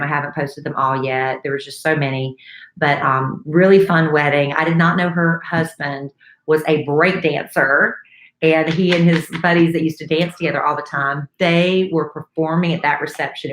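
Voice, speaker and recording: A middle-aged woman co-hosting a radio show, telling a story in a chatty, lively way. Her voice sits low, and the recording has the ring of an echoey room. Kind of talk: casual chat.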